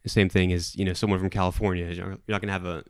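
A man's voice: deep voice, little pitch movement, rapid-fire, clear, resonant tone, dry recording, studio quality. A man from Texas co-hosting a podcast, telling stories in an easygoing, casual way. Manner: easygoing, storytelling. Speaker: podcast co-host. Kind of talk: casual chat.

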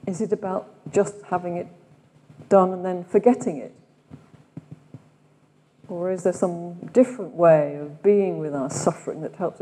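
A woman's voice: lowish voice, dark tone, big-room sound, a little hiss or hum. An older woman with an English accent leading a retreat day, speaking reflectively and asking many questions. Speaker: retreat leader. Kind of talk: retreat talk with read-aloud quotations. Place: meditation centre room.

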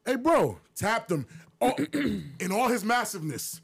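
Husky high-voiced man telling a story. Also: unhurried. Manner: animated, swearing, acts out voices in his story. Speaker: podcast co-host. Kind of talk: casual storytelling.

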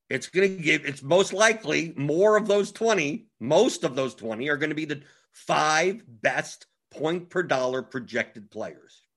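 This fantasy sports analyst hosts a strategy show, his mid-range voice fairly bright as he rambles casually and says the same words over again.

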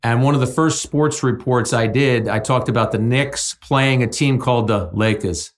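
A middle-aged man from New Jersey, a sports journalist guest in a casual podcast conversation, speaking in a measured, earnest way. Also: mid-range voice, fairly even intonation. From Jersey City, New Jersey.

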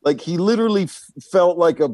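A man co-hosting a casual chat, talking in a rambling, profane, animated way. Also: sits high, brisk, dry recording.

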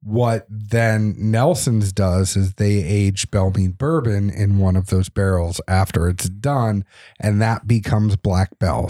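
A middle-aged man from Boston, a podcast guest, telling stories in casual, animated chat. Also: lowish voice. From Boston area. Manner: chatty, animated storyteller.

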